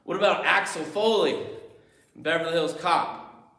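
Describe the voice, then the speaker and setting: A man's voice: fairly high pitch, normal speed, bright, forceful tone. A male pastor preaching a sermon in a church, telling stories and acting out movie scenes as he goes. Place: church sanctuary. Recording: echoey church room.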